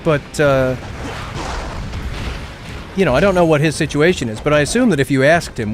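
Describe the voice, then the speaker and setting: A man's voice: fairly high pitch, normal speed, pauses often, music in the background. A man streaming a video game, rambling casually and chuckling as he acts out silly character lines. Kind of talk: casual gameplay commentary.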